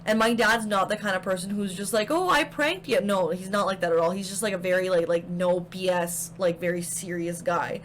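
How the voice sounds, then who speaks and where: A young woman tells the camera about her haunted house experiences, retelling them in an animated, chatty way packed with fillers. She speaks a little fast on the low side with few pauses, and there's slight hiss or hum in the recording.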